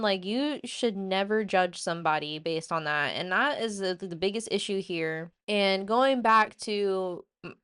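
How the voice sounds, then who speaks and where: A woman's voice: mid-range voice, a bit bright, clean tone. A woman vlogger telling a personal story in a casual, rambling way, full of "like" and "you know". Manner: rambling, filler-heavy, many "like" and "you know".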